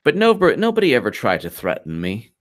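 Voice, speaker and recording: A man hosting a live political commentary stream, talking fast and animated, repeating himself and mocking opponents. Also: medium pitch. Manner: animated, repetitive, mocking quoted voices.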